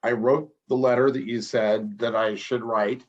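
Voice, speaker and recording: A man of middle pitch stammers and halts his way through an improv scene, sounding nervous and unsure. The recording is dull and lo-fi. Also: fairly even intonation, unhurried. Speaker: improv comedian.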